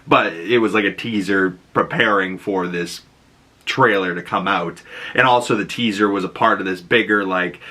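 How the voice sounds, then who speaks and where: An excitable male YouTube host rambles through a casual trailer breakdown, packing his talk with fillers and quick laughs. His voice sits a bit low, yet sounds bright and forceful.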